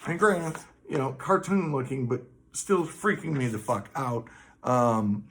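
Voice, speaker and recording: A man's voice: medium pitch, measured pace, fairly bright tone, a little hiss or hum. Male vlogger, casual storyteller, loose and profane, heavy on the ums. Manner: rambling, profane, many fillers.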